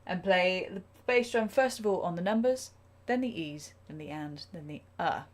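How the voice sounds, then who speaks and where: A woman teaching a live drum lesson, chatty and self-deprecating, counting beats out loud. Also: on the low side, normal speed. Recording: drum kit playing loudly behind.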